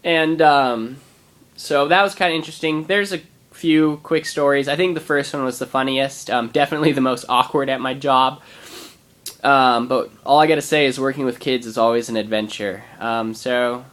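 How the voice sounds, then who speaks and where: A man's voice: medium pitch, fairly even intonation, moderate pace, a bit bright. A young man casually telling funny stories from his daycare job, rambling with lots of fillers and chuckling now and then. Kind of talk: casual storytelling vlog.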